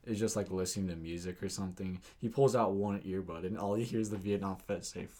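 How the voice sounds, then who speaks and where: A man's voice: low voice, fast talker. A young man co-hosting a casual podcast, telling stories animatedly with plenty of swearing and laughter. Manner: swears a lot, laughs often, animated storytelling. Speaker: podcast co-host. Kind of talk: casual chat.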